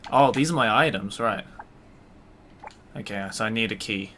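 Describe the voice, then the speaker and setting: A young man commentating his own horror game live, talking to himself, swearing and yelling in frustration. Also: lowish voice, normal speed, a little hiss or hum. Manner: swears a lot, talks to himself, yells in frustration. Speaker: streamer playing a horror game.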